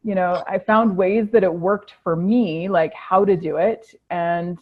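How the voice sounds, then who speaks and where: Animated woman guest over a tinny line. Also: on the low side, measured pace. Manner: animated storyteller who acts out her own past reactions. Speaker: program participant, interview guest. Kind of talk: casual interview chat.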